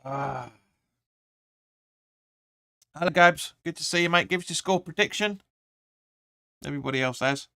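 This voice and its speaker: A man hosting a live football watch-along, rambling through the play and sometimes shouting at the players. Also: on the high side, brisk, clear, resonant tone, dry recording, studio quality. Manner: rambling, restarts often, erupts when urging players. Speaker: fan channel host.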